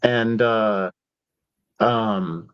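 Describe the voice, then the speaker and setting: A man's voice: lowish voice, extremely slow, fairly bright tone, smooth, no echo. A man from Seattle, a podcast guest telling stories in a casual, slangy way full of "like" and "dude". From Seattle, USA. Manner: laid-back, slangy, peppered with "like" and "dude". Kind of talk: casual storytelling. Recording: dull, dry podcast audio.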